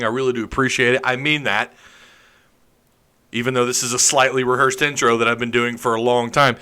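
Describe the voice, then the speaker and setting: A man's voice: medium pitch, level tone, a little fast, pushed and bright, clean tone. A man hosting a live stream, chatting casually, reading comments and joking sarcastically.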